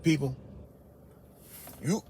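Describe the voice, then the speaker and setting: A man delivering an animated storytelling monologue, emphatic and incredulous, his voice climbing when he gets worked up. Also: very slow, a little hiss or hum. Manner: emphatic, incredulous, rises sharply when outraged.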